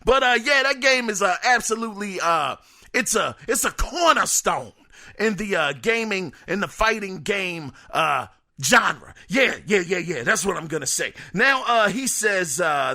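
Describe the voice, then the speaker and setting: A man hosting a casual solo podcast, reading listener emails in an animated, joking way that trips over words. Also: high voice, unhurried. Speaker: podcast host.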